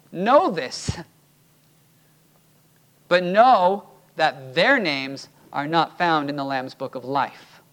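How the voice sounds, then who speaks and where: Male pastor, high voice, emphatic pulpit preaching, urgent exhortation. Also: a bit bright. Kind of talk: sermon. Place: church.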